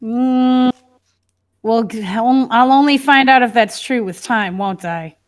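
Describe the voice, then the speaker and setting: A woman's voice: on the high side, slow. A woman plays her character at a tabletop game, chatty and upbeat. She sounds playful and easy to follow. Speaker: player. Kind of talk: in-character tabletop role-play.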